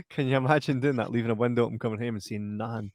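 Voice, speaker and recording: A Scottish man co-hosting a film podcast, chatty and quick to laugh as he asks his partner questions. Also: medium pitch, steady tone, no room sound, clean studio sound. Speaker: podcast co-host. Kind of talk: casual film review chat.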